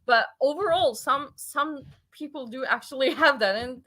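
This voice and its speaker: A young woman chatting casually as a podcast co-host, halting with many fillers and laughing often. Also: high-pitched, fairly bright tone. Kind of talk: casual chat.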